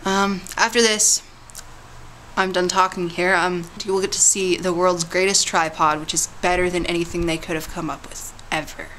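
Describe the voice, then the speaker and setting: A woman's voice: lowish voice, little pitch movement, moderate pace, a bit bright, a little hiss or hum, low-quality recording. A woman vlogging casually, telling a mock history tale in a playful, teasing way with big dramatic swoops.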